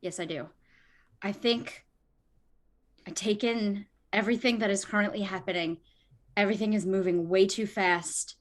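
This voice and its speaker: A woman playing a character in a tabletop horror game, describing her actions and shouting in character at times. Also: medium pitch, normal speed, long pauses. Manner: speaks in character, describing actions with bold bursts. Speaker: player.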